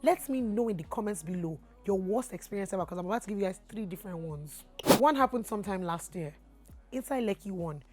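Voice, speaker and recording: Animated Nigerian woman telling a story. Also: fast, soft background music. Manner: animated, swings from low asides to loud acted outbursts. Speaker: vlogger. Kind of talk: storytime vlog.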